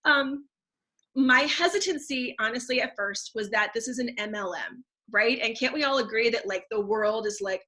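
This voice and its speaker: A woman's voice: on the high side, expressive, normal speed, pushed and bright. A woman in her thirties talking casually and effusively about how selling essential oils helped her, with many fillers and restarts. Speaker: teacher and essential oils seller. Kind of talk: casual testimonial talk.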